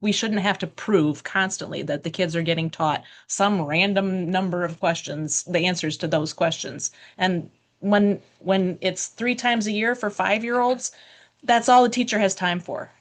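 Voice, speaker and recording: A woman's voice: mid-range voice, moderate pace. A woman, a retired teacher, stating firm opinions in a casual podcast chat.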